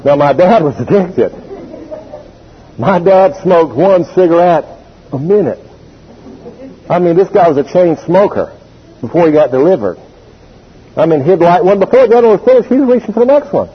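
A man's voice: high voice, animated, moderate pace, pauses often, slightly rough, lo-fi sound. A man preaching a sermon with emphasis, telling the congregation to write things down and to repeat key words. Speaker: pastor.

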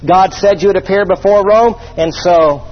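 A man preaching a humorous sermon, voicing imagined listeners and reading scripture slowly. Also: high voice, highs cut off, faint music behind.

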